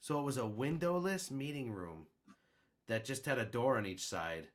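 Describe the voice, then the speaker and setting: A young man co-hosting a casual podcast, rambling through joking stories and quiz questions. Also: normal speed. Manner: rambling, joking storyteller with lively swings in pitch. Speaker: podcast co-host. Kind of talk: casual chat.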